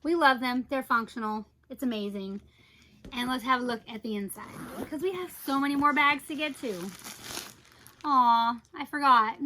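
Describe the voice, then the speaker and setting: A woman with a high, bright voice talks through her bag collection in a casual review vlog. She gushes, teases and breaks off into little exclamations, chatty and unhurried. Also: a little hiss or hum, poor audio. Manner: chatty and gushing, with playful asides and sudden surprised exclamations.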